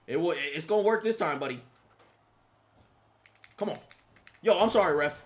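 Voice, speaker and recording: A young man giving excitable live commentary while playing a video game, often yelling at the screen. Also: a little high, normal speed. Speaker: gaming YouTuber.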